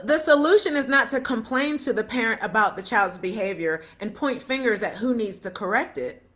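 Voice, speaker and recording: Animated high-voiced woman giving parenting advice. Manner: animated storytelling, laughs often, acts out quotes; repeats questions to the listener. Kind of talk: casual advice talk with retold anecdotes.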